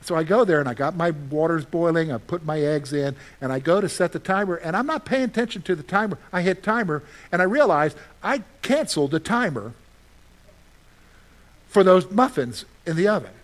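A middle-aged man preaching a sermon as pastor, lively and conversational, asking his listeners questions and answering them himself. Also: a little high, normal speed. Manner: animated, asks the congregation questions and answers them; acts out his own panicked reactions for humor.

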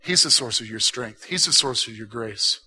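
A man pastor preaching a sermon, swinging between loud urging and hushed, intimate talk and repeating short exhortations. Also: mid-range voice, expressive, normal speed, slightly rough.

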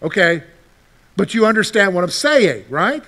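Male pastor, sermon, high voice, swooping animated pitch, rhetorical questions to the crowd. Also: moderate pace.

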